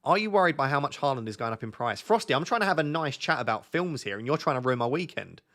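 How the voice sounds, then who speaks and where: A young man chats with viewers into a desk mic during a live stream. His middle-pitched voice is expressive, fast, and fairly bright, and he keeps things loose and jokey, often restarting lines as he thinks aloud.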